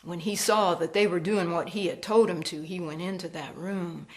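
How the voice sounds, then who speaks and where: A woman storyteller performing a ghost story, slow and hushed, dropping to whispers. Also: on the low side, steady tone.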